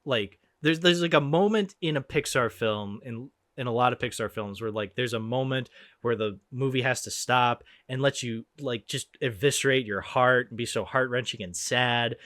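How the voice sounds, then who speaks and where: A young man talks films on a podcast in a loose, animated way. He swears now and then and slips into the characters' lines. His voice sits at a middle pitch, recorded close and dry. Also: moderate pace, no room sound. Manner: animated, swearing, acts out quotes. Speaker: podcast host. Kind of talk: casual movie review chat.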